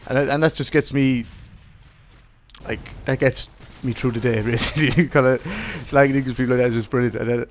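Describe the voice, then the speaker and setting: A man's voice: medium pitch, steady tone, brisk, a little hiss or hum. Sweary Irish guy ranting casually. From Ireland. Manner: profane, rambling, jokey. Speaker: gaming vlogger. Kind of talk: casual rant to camera.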